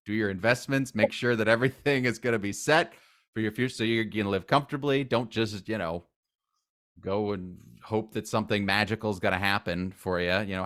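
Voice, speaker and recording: A man who is a guest in a casual interview, talking enthusiastically and rambling, with sudden loud acted outbursts. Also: fairly low pitch.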